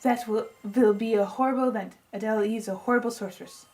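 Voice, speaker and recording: A woman's voice: on the high side, fairly even intonation, fast talker, a little mellow, natural voice, poor audio. A woman reading out the lines of a pompous, eccentric male scientist as he lays out a long plan, with a half-tried put-on accent she keeps dropping. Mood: lecturing. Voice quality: tries a put-on accent and drops it. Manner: reads long exposition aloud. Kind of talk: reading game dialogue aloud.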